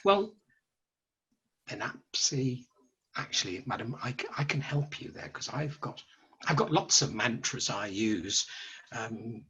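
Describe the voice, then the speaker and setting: A man voicing a smooth-talking, scheming male crow who lectures in a persuasive, smug way. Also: mid-range voice, expressive, measured pace, long pauses, bright, forceful tone, highs cut off, voice pushed down, heavily acted.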